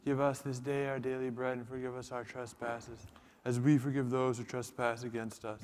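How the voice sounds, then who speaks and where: A man chanting psalms and prayers in a church service, in a steady monotone. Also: medium pitch, moderate pace, a little hiss or hum. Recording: long church reverb.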